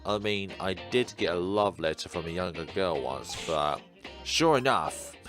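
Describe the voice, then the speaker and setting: Dude playing a chill low-voiced young woman in a game, calm and unhurried. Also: over music. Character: cool, calm young woman with a warrior air.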